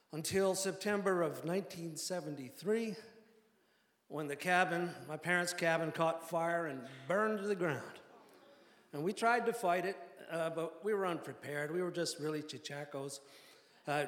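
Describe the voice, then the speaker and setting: A man's voice: a little high, fairly bright tone. Older man telling a wry story. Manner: wry, self-deprecating, laughs through lines. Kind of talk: live storytelling to an audience. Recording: echoey hall with long reverb.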